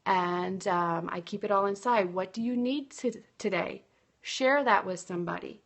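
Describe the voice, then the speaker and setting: A woman's voice: medium pitch, moderate pace. A woman business coach giving a chatty, upbeat motivational talk on a livestream and talking straight to her viewers. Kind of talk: live-streamed motivational talk.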